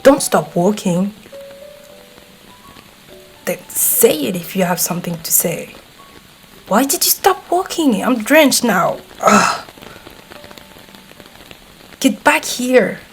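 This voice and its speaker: A woman's voice: lowish voice, animated, slow, long pauses, a little mellow, soft background music, poor audio. A woman playing a brash tsundere teen boy. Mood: flustered. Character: gruff hot-tempered teenage boy classmate. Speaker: voice actor. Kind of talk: audio role-play to the listener.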